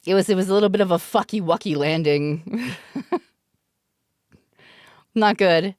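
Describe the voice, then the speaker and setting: A woman's voice: mid-range voice, unhurried, darkish tone, no room sound, studio quality. A woman from Canada telling a profane, giggly story casually to her stream chat.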